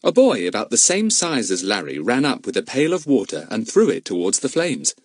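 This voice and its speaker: Expressive male audiobook narrator. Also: mid-range voice, fairly quick, breathy edge, dry recording, clean studio sound. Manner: expressive storytelling. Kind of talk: scripted narration.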